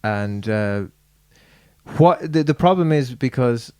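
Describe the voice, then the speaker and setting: A man's voice: medium pitch, lively intonation, slow pace, dark tone, clear, resonant tone, no room sound. An Irish man hosting a podcast, chatting loosely and breaking into laughter often. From Ireland. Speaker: podcast host. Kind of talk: casual chat.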